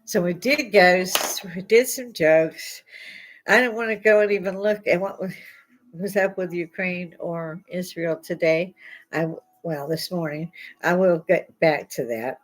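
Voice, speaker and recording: Older woman, livestream host, somewhat low voice, chatty, rambling, blunt, laughs often. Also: unhurried. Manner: blunt, swears casually. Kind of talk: casual live chat. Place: home, indoors.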